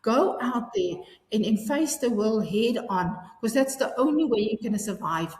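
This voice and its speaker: A woman's voice: fairly high pitch, expressive, moderate pace, a little mellow. A woman in her fifties speaks earnestly as an interview guest. She often stumbles and restarts mid-sentence. Her voice rings with long reverb in an echoey room. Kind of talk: personal interview.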